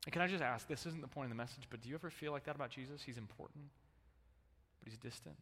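A man delivering a sermon with a bright, forceful tone that carries through a church hall with long reverb. He talks in a loose, conversational way and keeps urging the congregation to answer him aloud. His pitch sits in an ordinary middle range. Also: very fast. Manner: conversational, animated, prompts congregation to respond. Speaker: pastor. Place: church sanctuary.

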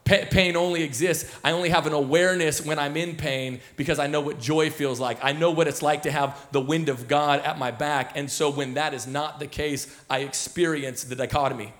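His voice runs a little high and fairly even, at a normal speed with hardly any pauses and a slightly bright quality. He is a senior pastor, somewhere in his thirties, preaching to his church in the auditorium in a casual storytelling style full of fillers and restarts.

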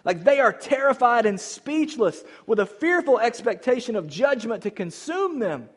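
A male pastor preaching in a church, his fairly high voice rising and falling over a wide range. He moves from loud, emphatic calls to quiet, tender lines. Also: very animated, moderate pace, breathy edge. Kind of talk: sermon. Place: church sanctuary.

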